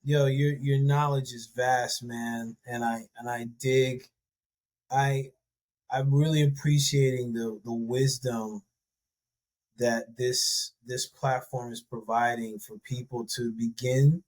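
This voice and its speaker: A man's voice: medium pitch, flat delivery, takes it slowly, a little mellow. Chatty laid-back male podcast host. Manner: loose, chatty, lots of fillers and restarts. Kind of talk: casual podcast conversation.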